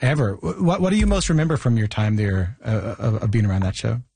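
Husky low-voiced interviewer guy, rambly questions, dry sound. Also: quick pace, a little mellow, dry recording. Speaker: interviewer host. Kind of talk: interview conversation.

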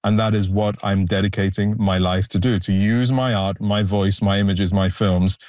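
A man's voice: lowish voice, steady tone, normal speed, a little mellow, no room sound. A male photographer answering interview questions in an earnest, reflective way, stressing key points. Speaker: photographer, guest.

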